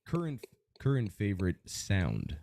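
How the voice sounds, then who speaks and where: Deep-voiced, energetic male podcast host. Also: measured pace. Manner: energetic, announcer-like. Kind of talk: hype-style interview hosting.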